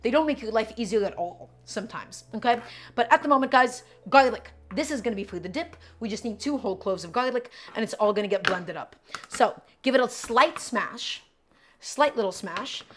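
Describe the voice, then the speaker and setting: A woman with a slightly high voice hosts a loose, chatty live cooking stream, speaking straight to her viewers and repeating each step as she goes. Her intonation is lively, her pace a little fast, and there's background noise.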